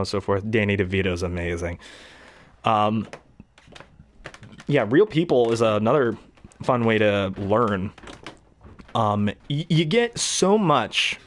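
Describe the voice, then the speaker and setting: A male hobby voice actor rambles in a casual, enthusiastic chat, his pitch rising and falling freely. The room sounds dry and close, with no echo around the voice.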